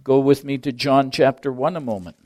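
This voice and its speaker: A man preaching a sermon with slow, deliberate phrasing, dropping to near whispers and then rising to loud emphasis on key words. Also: medium pitch.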